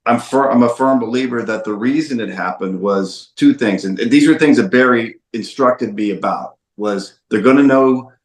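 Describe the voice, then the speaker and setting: A man's voice: mid-range voice, moderate pace, few pauses, roomy sound. A man, a documentary filmmaker guest, tells a story in an interview with emphatic repetitions. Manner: emphatic, repeats phrases for stress.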